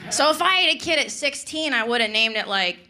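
A woman's voice: high-pitched, animated, a little fast, pushed and bright. A woman in her thirties doing a stand-up comedy set in a club, chatty and sarcastic, peppered with "like" and "right?". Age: 30s. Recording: live club with audience noise.

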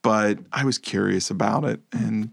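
Male podcast co-host, gravelly, dry close mic, rambling and self-deprecating. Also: fairly low pitch, moderate pace, no echo. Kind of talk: casual movie podcast chat.

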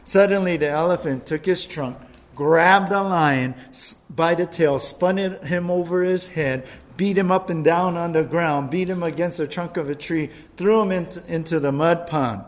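Speaking at a moderate pace in a fairly high-pitched voice, a male pastor leads a verse-by-verse Bible study in church. He keeps it lively and conversational, mixing in jokes.

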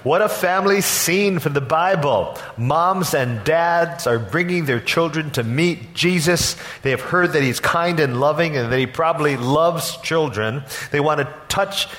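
Pastor guy preaching, bit high voice, lots of acted-out voices in the story. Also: unhurried. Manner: animated storytelling, acts out quoted voices. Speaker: senior pastor. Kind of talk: sermon. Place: church sanctuary.

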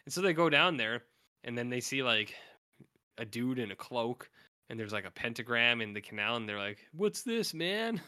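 A man co-hosting a podcast, chatting casually about horror movies, rambling and mumbling flat asides. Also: medium pitch, normal speed, clear, resonant tone, no room sound, clean studio sound. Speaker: podcast co-host.

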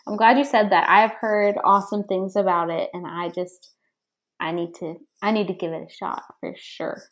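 A woman's voice: mid-range voice, fairly even intonation, moderate pace. A young adult woman guesting on a podcast, chatting casually, gushing and rambling with laughs. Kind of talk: casual chat.

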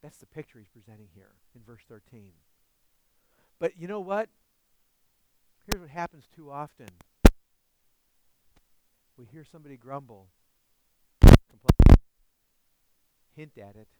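A man's voice: on the high side, unhurried, long pauses, highs cut off, background noise. A man preaching a sermon as pastor, earnest and often asking his listeners questions.

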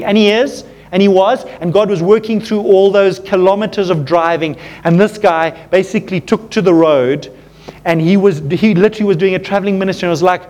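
At a moderate pace, a man preaches as pastor, animated and sincere. He calls everyone "folks" and softens to a low, quiet tone when things turn tender.

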